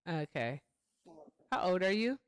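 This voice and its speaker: A woman's voice: on the low side, very animated, a little slow, smooth. A woman hosting a casual livestream, playful and teasing, laughing often as she quizzes callers. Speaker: livestream host.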